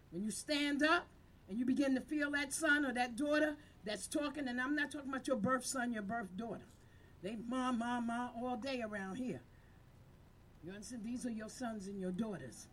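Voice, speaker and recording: With a voice on the high side, this fiery woman preaches to her team, drawing call-and-response from them. She leads community violence-prevention work, and her impassioned speech comes through a handheld microphone.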